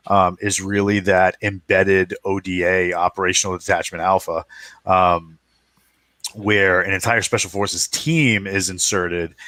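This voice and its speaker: A man's voice: deep voice, bright, forceful tone, no echo. A man chatting casually on a podcast, rambling with many fillers and restarts. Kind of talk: casual chat.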